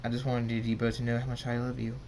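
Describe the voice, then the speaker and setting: A man's voice: mid-range voice, monotone, fast talker, a little mellow, a little hiss or hum, close to an everyday voice. Earnest tender stallion guy, plain everyday voice, a man reading him. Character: gentle loving male stallion hero.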